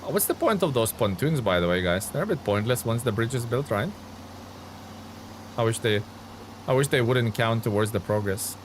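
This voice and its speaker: A man's voice: medium pitch, animated, normal speed, a little hiss or hum. Chatty male game streamer. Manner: chatty, reads chat aloud and answers viewers. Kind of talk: casual live-stream commentary.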